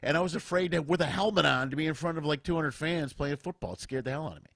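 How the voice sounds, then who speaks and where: Animated fast-talking male host. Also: fairly high pitch, gravelly, no room sound. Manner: animated storyteller, acts out voices. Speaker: podcast host. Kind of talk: casual chat. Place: home, remote video chat.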